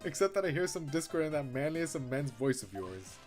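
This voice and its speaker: A man's voice: on the high side, sing-song, brisk, a little mellow, soft background music. A man reading the lines of a blunt, teasing young female lawyer in his own voice.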